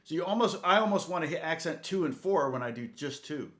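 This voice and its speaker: A man's voice: fairly high pitch, lively intonation, fast talker. A man teaching guitar in a chatty, rambling way, laughing often and speaking to viewers by name, with guitar playing behind him. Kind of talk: live-streamed guitar lesson chat.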